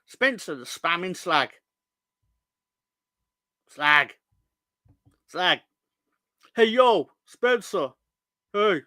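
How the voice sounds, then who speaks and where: A man's voice: sits high, very animated, slow pace, pushed and bright, dry recording. A young man hosting a fan channel live stream, bantering with the chat in a rambling, jokey, sweary way.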